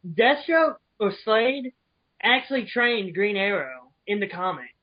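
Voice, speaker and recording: A man from the United States, a guest on a casual discussion over an online call, who is chatty and quick to give his opinion. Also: sits high, lively intonation, highs cut off. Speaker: guest panelist.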